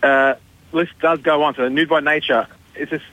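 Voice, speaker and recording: A man's voice: a little high, steady tone, moderate pace, sharp tone, no room sound, rough recording. A man, a store manager, chatting on radio with upbeat, salesy storytelling. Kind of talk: radio promo chat.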